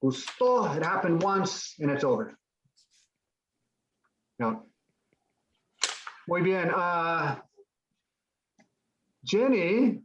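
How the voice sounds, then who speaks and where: A man's voice: high voice, animated, a bit bright, highs cut off, slight background noise. Encouraging male Spanish teacher on a call. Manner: encouraging, drills students with quick praise. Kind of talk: online language class.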